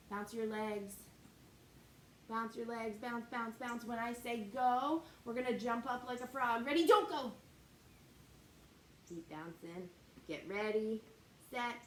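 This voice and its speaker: A young woman leading a children's martial arts warm-up class, coaching in an upbeat, sing-song way. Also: mid-range voice. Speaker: kids martial arts instructor. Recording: echoey room with faint ambient noise.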